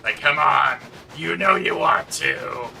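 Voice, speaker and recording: A man's voice: mid-range voice, gravelly, pushed and bright, distant mic, exaggerated voice. A man voicing a taunting male goblin villain who drags out his mocking words. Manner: sneering, drawn-out taunts.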